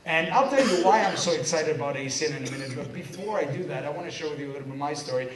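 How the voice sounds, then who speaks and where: A man in his thirties from Quebec giving a lively motivational seminar talk, joking and poking fun at himself as he tells his story. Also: fairly high pitch, racing, a crowd in the background. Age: 30s. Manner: energetic, joking, self-mocking storyteller. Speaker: business seminar speaker. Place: seminar hall with a live audience. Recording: echoey hall, distant mic, audience.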